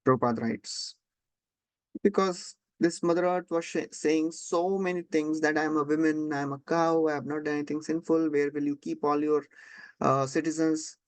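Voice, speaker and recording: A man's voice: a little high, fairly even intonation, moderate pace, clean tone, dry recording. A man teaching a scripture class, retelling a story and acting out the voices.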